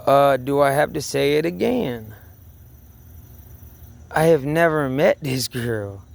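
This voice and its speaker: A man's voice: mid-range voice, lively intonation, takes it slowly, vocal fry. A man telling a story in a rambling personal rant, agitated and profane, repeating himself and restarting sentences. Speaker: vlogger.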